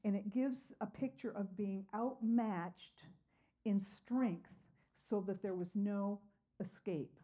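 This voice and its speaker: A woman's voice: medium pitch, steady tone, slow, dark tone. A woman teaching a Bible study lesson, asking her class questions and answering them herself, earnest, with frequent "uh" fillers.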